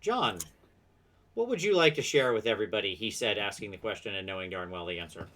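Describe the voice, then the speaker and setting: A man hosting a podcast, chatting casually with quick asides and self-deprecating laughs. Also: on the low side, expressive, fairly bright tone. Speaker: podcast host. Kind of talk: casual chat.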